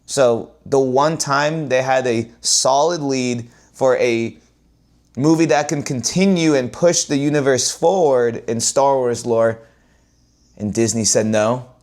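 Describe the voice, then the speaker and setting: A man vlogs to his viewers in a casual rant, taking it slowly and repeating himself. He swings between loud exclamations and low mutters.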